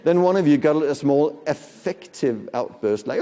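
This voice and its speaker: A man giving a conference lecture to an audience, lively and demonstrative, often asking the room questions. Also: fairly high pitch, normal speed, hardly any pauses, slight background noise. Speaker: conference speaker. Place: conference hall. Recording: long hall reverb.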